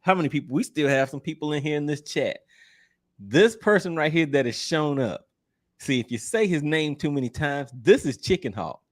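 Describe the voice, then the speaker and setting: A man's voice: fairly high pitch, lively intonation, moderate pace. A man hosting a livestream, reading viewer comments aloud in an easygoing, teasing way and laughing often. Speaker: livestream host.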